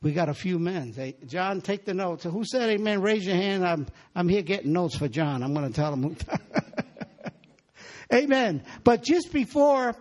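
A man's voice: high-pitched, darkish tone. A man preaching a sermon in a church, exhorting the congregation and calling for their responses.

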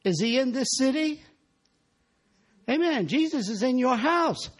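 A man's voice: very high-pitched, lively intonation, unhurried. A man preaching a sermon in a church, exhorting the congregation and calling for their responses.

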